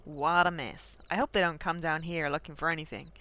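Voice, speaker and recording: A woman voicing a weary older male gas station attendant in a put-on rural truck stop accent, reading game dialogue aloud in a folksy, unhurried way. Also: sits low, fairly even intonation, pushed and bright, pitched below the performer's own voice.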